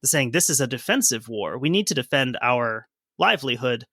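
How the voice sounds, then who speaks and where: Animated and brisk, a man co-hosting a history podcast reads old news quotes aloud and adds dry jokes as he goes. His mid-range voice sounds pushed and bright in a dry recording.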